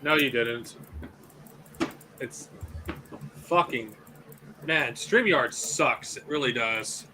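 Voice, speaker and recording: A man's voice: medium pitch, very slow, long pauses, noisy background. A man in casual livestream chat, laid-back and grumbling about technical trouble.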